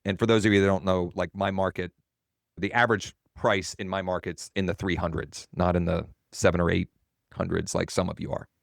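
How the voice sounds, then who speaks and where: A man's voice: low-pitched, little pitch movement, brisk, vocal fry, no room sound, clean studio sound. A man coaching real estate agents in a webinar, telling a story in a casual, rambling way and correcting himself as he goes.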